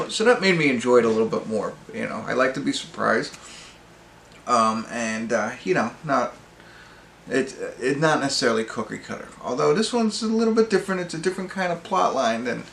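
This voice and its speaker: A man's voice: mid-range voice, expressive, moderate pace, vocal fry, fairly bright tone, echoey room, a little hiss or hum. A man giving a casual, rambling movie review, full of fillers and restarts. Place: pub.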